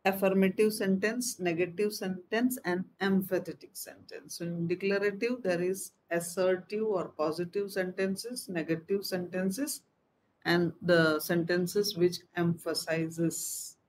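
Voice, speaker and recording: A woman's voice: lowish voice, steady tone, measured pace, darkish tone. A woman teacher giving a grammar lesson, explaining step by step, repeating key terms and reading out example sentences. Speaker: English teacher.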